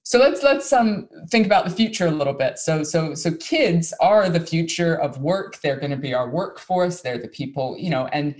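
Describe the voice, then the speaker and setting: An interview host talking in a lively, chatty way, sharing personal anecdotes before asking questions. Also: mid-range voice, moderate pace, hardly any pauses. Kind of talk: casual interview talk.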